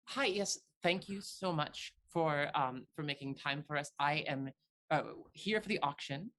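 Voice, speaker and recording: A tabletop player voicing a disguised noblewoman who speaks in a halting, overly formal way. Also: mid-range voice, a bit bright. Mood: haughty. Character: pompous disguised noblewoman, lady visitor.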